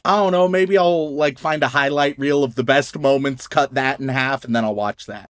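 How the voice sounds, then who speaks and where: A man's voice: mid-range voice, normal speed, fairly bright tone, clean tone, no room sound, clean studio sound. A young man co-hosting a podcast, reading out a list of names in a casual, laughing, stumbling way. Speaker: podcast co-host.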